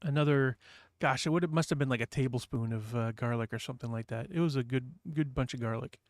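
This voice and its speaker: A man's voice: medium pitch, fast talker, no echo, clean studio sound. Chatty man hosting a morning stream. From New Hampshire. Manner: rambling, chatty, reads chat aloud. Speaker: livestream host. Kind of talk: casual chat with viewers.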